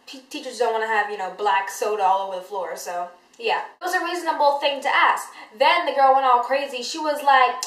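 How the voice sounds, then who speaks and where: A teenage girl vlogging in a casual, animated way, telling stories full of "like" and "you know". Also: on the high side, fairly quick, hardly any pauses. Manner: animated storytelling, many likes and you-knows. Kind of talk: casual chatty vlog. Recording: roomy echoey room.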